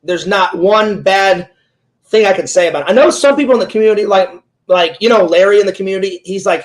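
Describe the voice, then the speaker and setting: A man's voice: high-pitched, fast talker. A talkative man interviewing a fellow streamer in casual chat, rambling through stories with many "like"s and "he goes"s.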